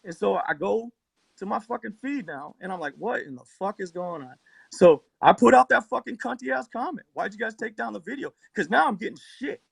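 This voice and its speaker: A man's voice: extremely high pitch, lively intonation, brisk, gravelly, slightly rough, no room sound. A man arguing on a phone livestream, telling a long, profane, worked-up story in a rambling way. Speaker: livestream debate participant. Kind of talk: heated live-stream argument.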